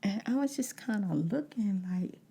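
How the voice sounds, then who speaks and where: A woman telling a story in a soft whispered ASMR voice while chewing gum and doing her makeup, talking casually to her listeners. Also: mid-range voice, lively intonation, moderate pace, creaky, breathy edge. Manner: chatty, addresses listeners as y'all.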